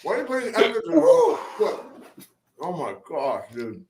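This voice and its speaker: A man's voice: high voice, huge pitch swings, moderate pace, noisy background. A man co-hosting a casual live show over a video call, moaning, laughing and complaining dramatically about the heat. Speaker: co-host. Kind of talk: casual chat.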